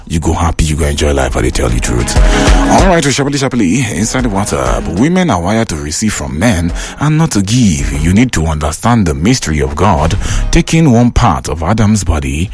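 A man with a Nigerian accent, hosting a call-in radio show, talking in a lively, preachy way as he reads listener messages. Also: deep voice, a little fast, over music. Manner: lively, preachy, mixes Pidgin and English.

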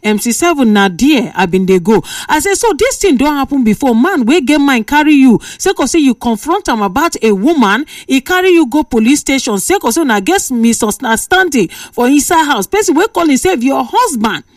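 Animated Nigerian woman radio host. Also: high voice, a little fast, few pauses, no echo, studio quality, recorded from a distance. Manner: animated, scolding advice. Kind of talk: call-in radio talk in Pidgin.

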